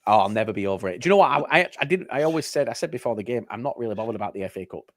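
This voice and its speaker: A man's voice: mid-range voice, racing, no room sound. Man chatting football, dry close sound. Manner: rambling, restarts often, animated storytelling. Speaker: podcast co-host. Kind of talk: casual football chat.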